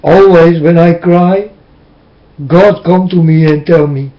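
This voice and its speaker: A man's voice: a little high, steady tone, takes it slowly. A man giving an emotional religious monologue from his room, pleading and preaching as his voice keeps breaking into tears. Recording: dull lo-fi recording.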